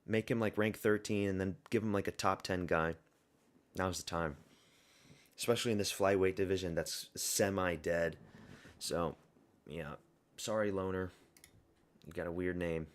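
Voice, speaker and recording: A young man giving a casual, blunt and rambling fight review monologue, full of opinions and fillers. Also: on the low side. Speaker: MMA commentary YouTuber.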